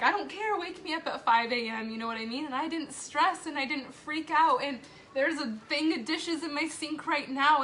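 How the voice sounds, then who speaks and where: Tearful mom on a live video, bright higher voice, candid and swearing, faint noise behind. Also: female voice. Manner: candid and emotional, swearing, frequent laughs. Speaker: mother sharing a personal testimonial. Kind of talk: emotional live video confession.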